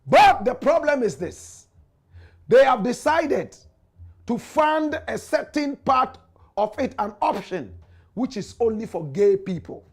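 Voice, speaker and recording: A Ghanaian man with a Ghanaian accent hosts a commentary monologue. He talks in a high, animated voice. He preaches straight at his listeners. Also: takes it slowly, slightly rough. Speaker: commentary show host.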